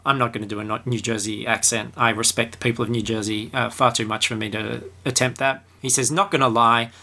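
A man with a bright, forward voice and mid-range pitch delivers a comedic film review monologue. He talks in an irreverent, crude and sarcastic way, with plenty of mockery. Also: little pitch movement, fast talker, gravelly.

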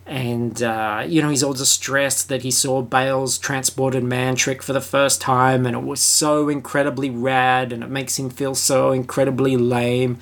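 An Australian podcast host giving a solo film review, sarcastic and fond of swearing, with mock-excited asides. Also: mid-range voice, measured pace, hardly any pauses.

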